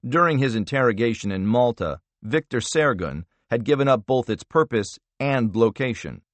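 A man narrating a thriller audiobook in a measured, expressive storytelling manner. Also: medium pitch, no room sound. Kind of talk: scripted narration.

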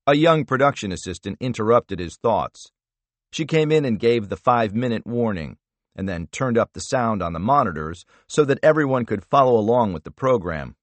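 A man narrating a thriller audiobook in a steady, measured reading style. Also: medium pitch, no echo. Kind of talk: scripted narration.

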